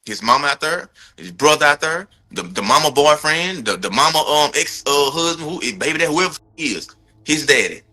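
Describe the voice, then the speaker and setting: Speaking at a moderate pace in a slightly high, animated voice that sounds pushed and bright, a victim's brother updates people on the court case. He retells events angrily and profanely, hammering points home by repeating them.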